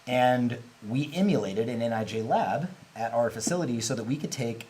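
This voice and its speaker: A man's voice: mid-range voice, expressive, normal speed, warm tone, a little hiss or hum, low-quality recording. Candid, chatty man on a livestream. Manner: candid, rambling, laughs easily. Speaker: host, company representative. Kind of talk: casual livestream chat.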